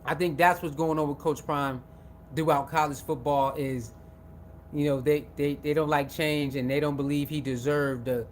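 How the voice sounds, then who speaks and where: High-pitched guy riffing on sports, keeps repeating himself, faint rumble behind. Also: moderate pace. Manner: repetitive, animated, acts out quoted voices. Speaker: sports commentator. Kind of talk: casual commentary monologue.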